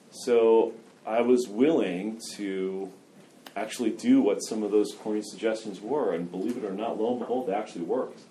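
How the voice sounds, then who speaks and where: A man's voice: lowish voice, warm tone, a little hiss or hum. A man candidly telling a story from his own life in a loose, conversational way, with self-mocking humor and lots of filler words. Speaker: person sharing his recovery story.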